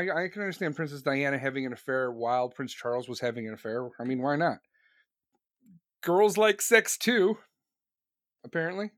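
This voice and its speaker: A man streaming live, chatting casually and profanely to his audience, excitable and laughing between remarks. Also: fairly high pitch, no echo, studio quality.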